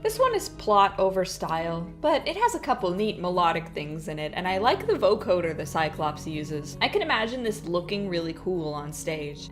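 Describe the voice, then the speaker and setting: A woman hosting a video essay, delivering a scripted review in an opinionated, nitpicking and dryly humorous way. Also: on the low side.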